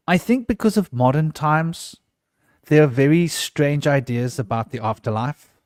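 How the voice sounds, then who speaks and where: A man's voice: on the high side, a little mellow, dry recording, studio quality. A man in an unscripted podcast conversation, telling a personal story earnestly and often restarting his sentences.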